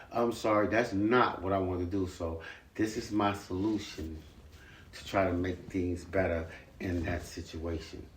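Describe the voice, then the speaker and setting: A man's voice: sits low, a little mellow. A man talking to his sons at home, earnest and repetitive, lecturing and then apologizing. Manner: earnest, repetitive, plain-spoken. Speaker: father speaking to his sons. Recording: echoey room, far from the mic, faint hiss.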